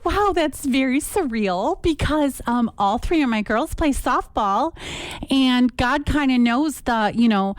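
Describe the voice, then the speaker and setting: Upbeat chatty woman, smooth dry voice. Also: fairly high pitch, no echo. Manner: upbeat, chatty storytelling with lively quoted voices. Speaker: radio guest sharing a testimony. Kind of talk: personal faith story, told conversationally.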